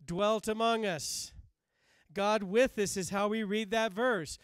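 High-voiced preaching pastor, smooth and dry. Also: male voice, steady tone, no echo. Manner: preaching with slow emphatic repetition, dropping soft and low at times. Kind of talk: sermon.

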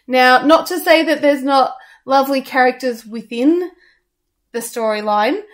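A woman's voice: sits high, a little slow. Chatty woman reviewing a show. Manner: hesitant, many ums and restarts. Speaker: radio co-host reviewing a musical. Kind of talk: casual review chat.

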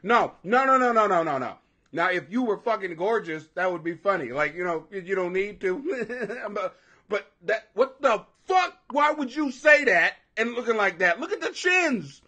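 This is a high-pitched man in his forties hosting his own live stream. His voice is bright and sharp, leaping all over the place as he rants. He swears constantly and laughs at his own jokes. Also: moderate pace. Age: 40s. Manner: profane, loud, laughing, animated. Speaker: livestream host. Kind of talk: casual ranting commentary.

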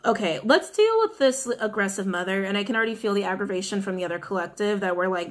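A woman's voice: medium pitch, lively intonation, quick pace, hardly any pauses. A woman giving a casual, chatty tarot reading to viewers, often repeating her questions to the cards. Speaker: tarot reader.

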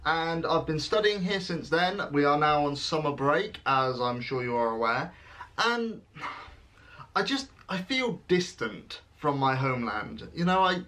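Young British male vlogger, twenties, bright forceful tone, playful and self-mocking with mock-dramatic pauses. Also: a little high, very animated, slight background noise. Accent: British English. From England. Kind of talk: casual vlog, reading quiz questions aloud.

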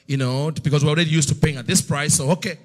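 A middle-aged male preacher telling a story in a sermon, swinging between loud slow outbursts and hushed near-whispers. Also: a little high, fairly even intonation. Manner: storytelling, acts out God's voice in loud slow bursts.

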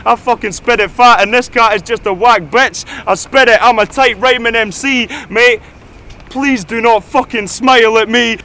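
A man's voice: extremely high pitch, steady tone, moderate pace, sharp tone. A Scottish man rapping aggressive, taunting verses in an outdoor street battle. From Scotland. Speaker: battle rapper.

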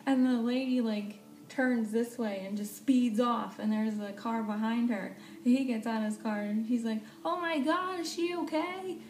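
A young woman casually telling a storytime vlog, animated and swearing freely, laughing often. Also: on the high side, moderate pace, few pauses. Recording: echoey room, faint background noise.

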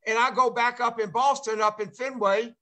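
A man's voice: very high voice, steady tone, moderate pace, pushed and bright. An older man hosting a casual video-call chat, rambling along with lots of repeated fillers. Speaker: show host and former player.

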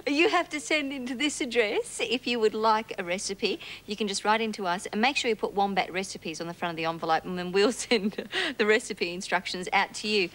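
An Australian woman hosting a children's TV show, lively and laughing as she playfully scolds a puppet. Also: mid-range voice, brisk, few pauses, rough recording. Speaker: host. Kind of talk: children's TV presenting.

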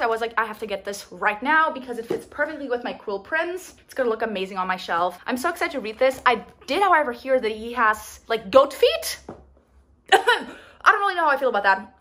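Brief: young female vlogger, chatty and playful, a touch high. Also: bright, forceful tone. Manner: chatty, bubbly, playful asides. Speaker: book vlogger. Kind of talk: casual vlog narration.

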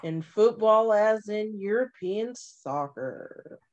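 A woman co-hosting a casual show review, playful and quick with quips. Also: medium pitch, animated, a little mellow, highs cut off. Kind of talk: casual chat.

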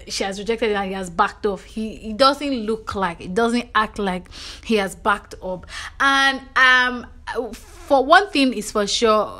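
Chatty Nigerian woman spilling gossip. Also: mid-range voice. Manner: animated storytelling, frequent "you know" and "do you understand". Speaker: reality show recap vlogger.

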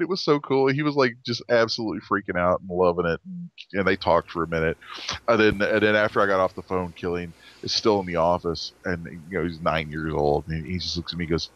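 A man's voice: deep voice, fairly bright tone, highs cut off. A man designer telling stories in a casual interview, rambling with restarts and acted-out quotes.

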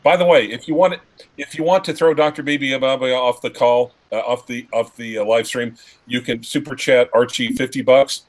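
A man's voice: medium pitch, fairly even intonation, moderate pace, rough recording. A man co-hosting a casual livestream chat, making dry wisecracks. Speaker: livestream co-host.

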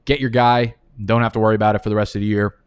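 A man's voice: lowish voice, little pitch movement, racing, clear, resonant tone, no room sound, studio quality. A man hosting a live fantasy football draft, talking in a casual, rambling way and swearing freely. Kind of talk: live-streamed draft commentary.

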